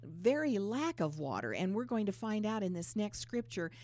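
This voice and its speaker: A woman's voice: medium pitch, very animated, moderate pace, darkish tone. Earnest woman teaching scripture. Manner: earnest, explains scripture verse by verse. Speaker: Bible teacher co-host. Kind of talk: Bible teaching talk.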